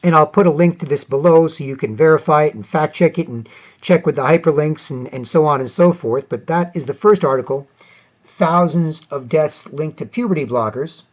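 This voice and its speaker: A man's voice: fairly high pitch, a little fast. A man vlogging opinionated commentary, reading out articles with sarcastic asides, rambling, and restarting often. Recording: dull lo-fi audio.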